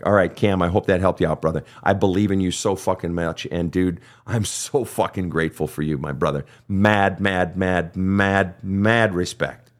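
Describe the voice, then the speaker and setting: A man's voice: sits low, fairly even intonation, normal speed, few pauses. A man who hosts a counseling podcast, giving blunt, emphatic advice full of swearing. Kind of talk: profane motivational advice.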